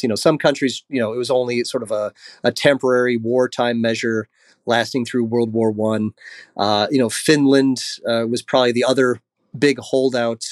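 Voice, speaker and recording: A man's voice: medium pitch, dry recording, clean studio sound. A man giving long, thoughtful interview answers, full of fillers and restarts. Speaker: guest historian.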